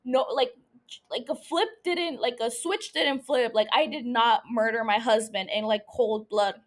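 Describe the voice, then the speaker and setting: A young woman podcast host talks through a film's story in a loose, conversational way. Her voice sits a little high, and she keeps stopping to restart sentences or drop in filler words. It sounds like relaxed, unscripted chat. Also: a little slow. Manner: chatty, heavy use of filler "like", frequent restarts. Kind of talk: casual movie recap.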